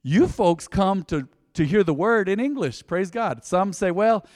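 A man preaching a sermon in a church, conversational and joking, with big swings between quiet asides and loud emphasis. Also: lively intonation, unhurried, no echo, clean studio sound, in a large hall. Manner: conversational, joking, dynamic swings in pitch and loudness. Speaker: pastor.

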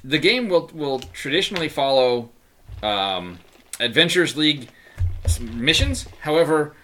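A man running a tabletop game, narrating the scene and chatting between moves. His pitch swings widely and his tone is bright, broken up by fillers and laughter. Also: sing-song, measured pace, slight background noise. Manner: laughs often, lots of fillers. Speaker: game master.

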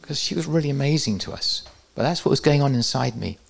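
Guy preaching at a conference, gravelly voice, cracks jokes at himself. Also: medium pitch, lively intonation, quick pace. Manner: self-deprecating, jokey asides. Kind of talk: conference teaching.

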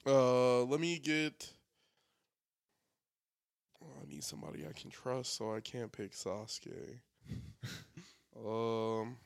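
A young man chatting casually with friends, hesitant and searching for words with drawn-out fillers. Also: mid-range voice, steady tone, vocal fry, clean tone. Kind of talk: casual chat.

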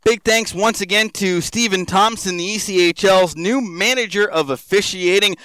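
A man's voice: fairly high pitch, pushed and bright, clean tone, dry recording, low-quality recording. A man hosting a hockey podcast, interviewing a guest in an upbeat, polished way. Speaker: podcast host.

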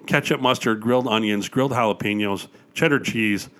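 A man's voice: fairly low pitch, brisk, fairly bright tone. An older man from Wisconsin, chatting as a guest and telling stories eagerly, with plenty of "uh"s along the way. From Wisconsin, USA. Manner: enthusiastic storyteller with frequent fillers. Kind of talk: casual chat.

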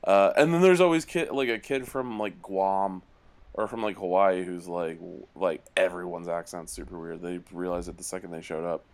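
A man with a fairly low voice co-hosts a podcast and talks in loose, rambling chat. He jokes a lot and drifts into silly impressions of other people's accents. His speech is full of fillers and little asides. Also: normal speed, a little mellow. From Northeast US. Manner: rambling, joking, puts on accents mid-story. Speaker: podcast co-host. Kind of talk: casual chat.

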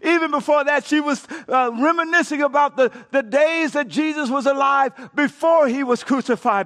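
Pastor guy w a really high voice, preaching hard, goes quiet then yells, lots of i-i-i restarts. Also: moderate pace, hardly any pauses. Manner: dramatic, swinging from soft near-whispers to shouted peaks; stammering restarts. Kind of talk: sermon.

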